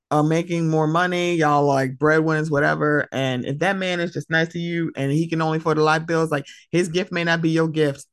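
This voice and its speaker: A woman hosts her own podcast. She talks in a casual, heartfelt way and tells lively stories. The close mic sounds dry, with no room around her. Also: deep voice, no room sound. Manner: emotional, tearful at times, animated storytelling. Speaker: podcast host. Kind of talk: casual solo podcast monologue.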